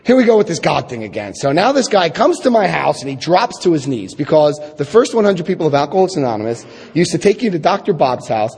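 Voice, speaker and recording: A husky-voiced man in his forties tells his recovery story to a meeting, slightly high for a man and swinging up and down as he acts out the conversations. His voice rings with a long reverb from a hall. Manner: animated storytelling, acts out quoted dialogue. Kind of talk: personal recovery talk.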